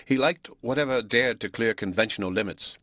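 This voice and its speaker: A man narrating a classic novel in a measured, steady audiobook reading. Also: mid-range voice, no echo.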